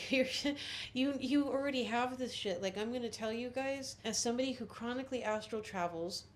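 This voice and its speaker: A woman's voice: medium pitch, a little mellow, slight background noise. A middle-aged woman vlogging about witchcraft in a blunt, rambling, profane way. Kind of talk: casual spiritual monologue.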